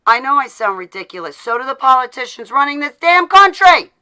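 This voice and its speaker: A woman with a high, bright, forceful voice talks fairly quickly and with lots of animation, and her sound is clean. She's a vlogger doing a rambling, sarcastic live video from home, greeting viewers by name as she launches into a casual political rant.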